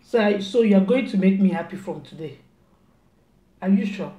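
A young mother talks at home in a mellow, darker voice, scolding and repeating herself in a mock-stern tone. The room is echoey and roomy. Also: mid-range voice, expressive, normal speed, highs cut off. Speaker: mother and vlogger. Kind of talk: casual family prank talk.

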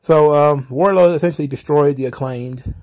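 A man's voice: on the high side, moderate pace, a little mellow. A man hosting casual solo wrestling recap commentary, rambling and wry, often exasperated, with the odd swear.

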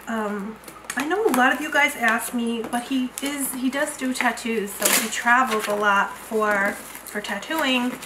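A woman beauty vlogger with a higher voice chats to her viewers through an unboxing, gushing and effusive with frequent exclamations. The room sounds echoey, with background noise.

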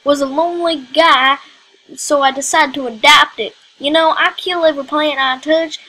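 A lonely rancher fellow with a drawling Texan twang, as a woman puts him on while reading a game letter. The voice sits high and ringing, with a folksy, homespun lilt. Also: steady tone, normal speed, pushed and bright, slight background noise. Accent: put-on Texan.

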